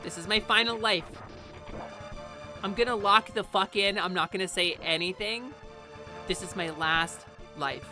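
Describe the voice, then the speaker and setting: A woman's voice: medium pitch, a little slow, long pauses. A woman streaming a game live, swearing and exasperated, ranting at the game and chatting with her viewers. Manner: chatty, greets chat viewers. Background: faint game music.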